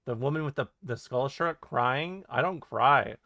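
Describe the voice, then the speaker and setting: A man streaming and reading chat aloud, joking, laughing and swearing in quick casual banter. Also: medium pitch, gravelly, pushed and bright, no room sound.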